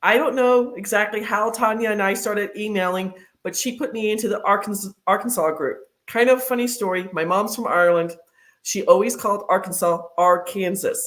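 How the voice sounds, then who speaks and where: A woman guest in a casual interview talks chattily, telling long stories. She speaks at a middling pitch, scattering fillers and restarts as she goes. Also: fairly quick, few pauses, fairly bright tone. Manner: chatty storyteller, many fillers.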